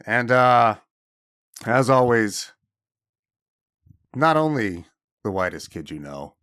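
A man's voice: medium pitch, a bit bright. A man hosting a casual podcast, joking playfully with his friends. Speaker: podcast host.

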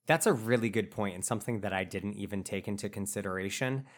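Male podcast co-host, lowish voice, easygoing review chat. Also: quick pace. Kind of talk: casual film-review chat.

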